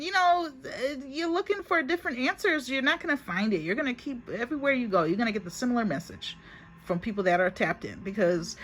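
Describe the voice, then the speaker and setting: A woman's voice: medium pitch, fairly bright tone. A woman giving a casual spiritual reading to a phone, chatty and emphatic, repeating herself and calling viewers honey. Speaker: spiritual reader.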